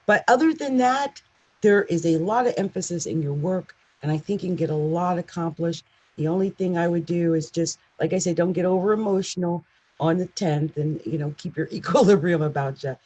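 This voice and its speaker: A woman's voice: on the low side, brisk, a little mellow, rough recording. A woman astrologer giving a casual, chatty horoscope reading with emphatic asides. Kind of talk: casual monthly horoscope talk.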